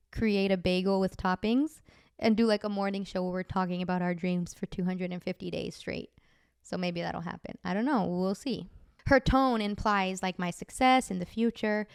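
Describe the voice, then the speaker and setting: A woman's voice: mid-range voice, a little mellow, smooth, no echo, studio quality. A woman podcast host chattily telling dream stories, full of "like" fillers. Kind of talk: casual storytelling.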